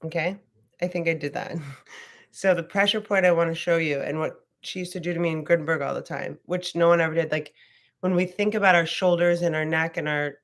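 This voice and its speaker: A woman's voice: low-pitched, fairly even intonation, a little fast. A woman teaching a casual live yoga class, chatty and rambling, swearing freely as she talks.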